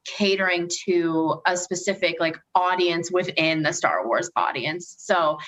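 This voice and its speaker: A woman's voice: fairly low pitch, unhurried, a bit bright, slight background noise, poor audio. A woman guest in a casual podcast chat, who talks in long runs with many fillers. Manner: rambling, heavy on filler words.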